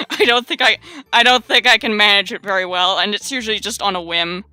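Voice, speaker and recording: A woman's voice: mid-range voice, brisk, bright, forceful tone, clear, resonant tone, dry recording, faint music behind. A woman streamer reading a game aloud in casual chat, giggly and self-deprecating.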